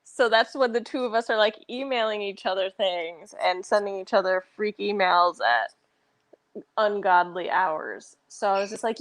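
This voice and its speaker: A woman's voice: medium pitch, lively intonation, moderate pace, fairly bright tone, dry recording. Chatty woman telling work stories. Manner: chatty storyteller, frequent "like" fillers. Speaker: co-host. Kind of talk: casual chat.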